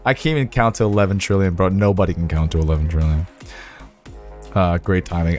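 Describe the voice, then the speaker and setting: Young guy on a stream, real low voice, joking around and doing math, faint music behind. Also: steady tone, fairly quick, darkish tone. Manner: joking, crude, working through math aloud. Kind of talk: casual live-stream chat.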